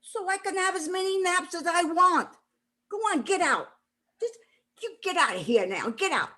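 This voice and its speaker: A woman's voice: very high-pitched, expressive, moderate pace, pushed and bright, exaggerated voice. An actress playing a feisty, foul-mouthed elderly woman who was once an actress, performed on stage. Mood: cranky. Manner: brash, boastful, salty-tongued.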